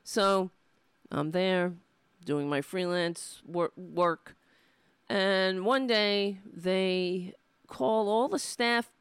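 A woman's voice: lowish voice, smooth, no echo. A woman ranting to camera, indignant and rambling, with frequent restarts and swearing. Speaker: political vlogger. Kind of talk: casual ranting monologue to camera. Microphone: camera mic.

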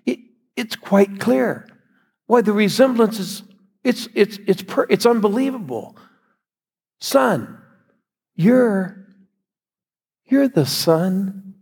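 A man voicing a kindly older man who reassures a boy, halting and repeating himself. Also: high voice, expressive, gravelly, darkish tone, husky, big-room sound, voice pushed up, full character voice. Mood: earnest. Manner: repeating words, earnest and halting.

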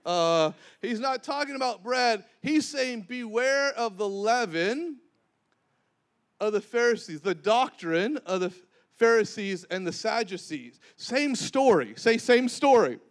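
High-voiced preacher man. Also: measured pace. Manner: animated, acts out scripture dialogue, calls for congregation responses. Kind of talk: sermon.

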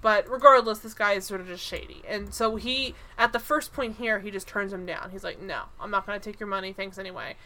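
A woman's voice: medium pitch, fairly quick, hardly any pauses, sharp tone. A woman co-hosting a casual podcast, recapping a TV episode in a rambling way full of "like" and laughs. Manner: rambling, lots of "like", laughs while acting out scenes. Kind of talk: casual chat.

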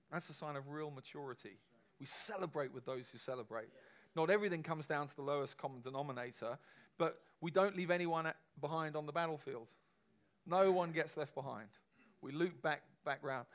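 A man preaching a sermon to a congregation in a conversational, emphatic way, often asking the room questions. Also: fairly high pitch.

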